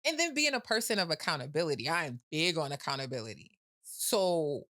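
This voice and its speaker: A woman's voice: low-pitched, very animated, fairly quick, pushed and bright, dry recording, studio quality. Candid woman business owner guest. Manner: candid, laughs often, repeats words as she starts sentences. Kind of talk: casual podcast conversation.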